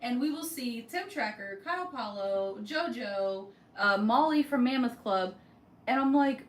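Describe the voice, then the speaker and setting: Her voice is a little high and expressive, and she keeps a measured pace. She's a theme park vlog co-host on a relaxed podcast, narrating stories and voicing the quoted lines herself. Expect an echoey room, a far-off mic, and faint noise.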